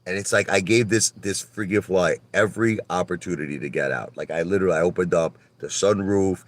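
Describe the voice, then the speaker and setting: This brisk, profane livestream host has a Brooklyn New York accent and is ranting casually from his car. His energy is animated, shifting between loud outbursts and low grumbling.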